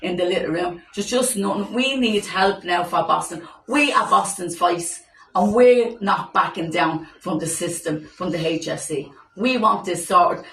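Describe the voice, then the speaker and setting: A middle-aged woman who speaks emphatically and urgently for her grandchild. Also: fairly low pitch. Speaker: grandmother of an autistic child. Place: hospital room. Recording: echoey room from far off, faint noise.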